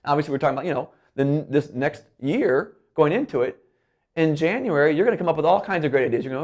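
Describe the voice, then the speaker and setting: A man giving a motivational keynote talk, animated, often acting out quoted voices and his own self-talk. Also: a little high, quick pace. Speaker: keynote speaker.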